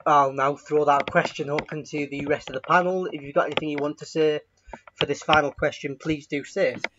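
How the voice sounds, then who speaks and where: A man's voice: a little high, steady tone, fairly quick, background noise. Man moderating a debate on a dull line. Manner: brief, procedural hand-offs.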